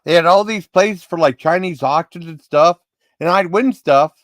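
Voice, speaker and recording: A man's voice: sits high, moderate pace, dry recording. A man hosting a livestream, rambling through personal stories in a casual way, often restarting and getting worked up. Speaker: livestream host.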